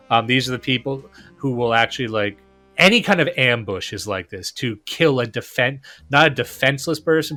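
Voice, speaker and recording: A man's voice: medium pitch, bright, forceful tone. A man hosting a podcast, talking casually and enthusiastically, often restarting and repeating words. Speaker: podcast host.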